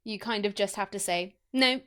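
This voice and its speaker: A woman's voice: on the low side, lively intonation, normal speed. A woman co-hosting a casual podcast, blunt and teasing. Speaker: podcast co-host.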